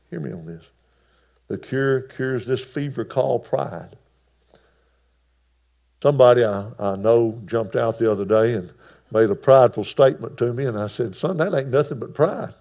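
A man preaching a sermon, folksy and emphatic, moving between hushed passages and loud bursts. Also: medium pitch, vocal fry. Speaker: pastor. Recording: dull lo-fi sound.

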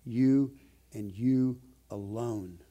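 A male pastor delivers a sermon in a mellow, darker voice. He preaches emphatically, leaning hard on key phrases by slowing down and lifting his pitch. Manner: emphatic, slows and rises to stress key phrases.

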